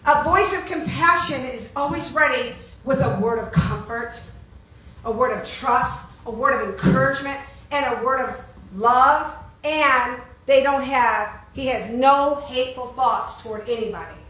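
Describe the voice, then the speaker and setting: In an informal sermon, a woman with a high, sharp voice poses questions to the congregation and answers them emphatically, taking her time. The room is echoey and she sounds distant.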